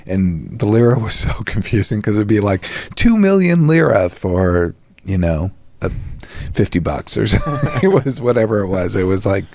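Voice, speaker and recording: A man's voice: on the low side, very animated, normal speed, vocal fry, darkish tone. A man hosting a psychology talk show, chatting casually and laughing often in rambling asides. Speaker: podcast host. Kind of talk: casual chat.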